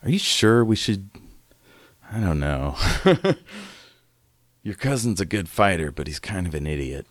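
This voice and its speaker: A man's voice: deep voice, very animated, a little slow, pauses often, no room sound, studio quality, pitched above the performer's own voice. A man voicing a wary female half-elf. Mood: skeptical.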